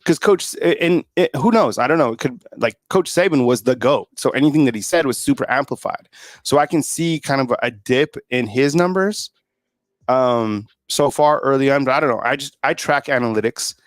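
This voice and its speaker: A man's voice: medium pitch, moderate pace, dry recording. Man rambling casually, dry close sound. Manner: rambling, many "like" fillers. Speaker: host of a college football channel. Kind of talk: casual sports talk.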